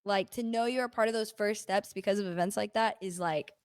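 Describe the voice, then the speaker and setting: A young adult woman, an esports caster and event host, telling stories in casual podcast chat, full of fillers and quick asides. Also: mid-range voice, smooth, no echo. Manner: chatty storytelling with many fillers.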